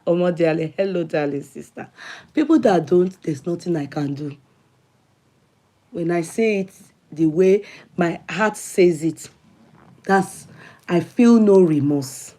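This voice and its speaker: A woman's voice: on the low side, warm tone. A middle-aged woman with a Nigerian accent hosting a casual livestream, greeting viewers by name and slipping into Yoruba phrases. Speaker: livestream host. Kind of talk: casual live chat with viewers.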